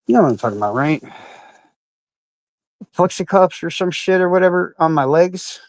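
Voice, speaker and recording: Profane, animated storytelling man. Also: fairly high pitch, no echo, rough recording. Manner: profane, animated, with frequent fillers. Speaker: podcast storyteller. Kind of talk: casual storytelling.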